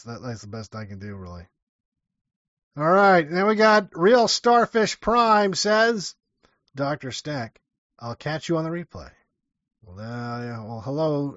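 A man's voice: mid-range voice, fairly bright tone, dry recording. Casual male streamer reading chat aloud, loose and meandering; a bone-dry, muffled sound. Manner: offhand and rambling. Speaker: livestream host. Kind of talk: casual livestream chat, reading viewer donations.

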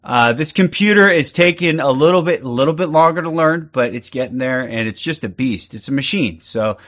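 A man's voice: a little high, expressive, normal speed, a bit bright, lo-fi sound. A man hosting a livestream in casual chat, upbeat and greeting viewers one after another. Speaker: livestream host.

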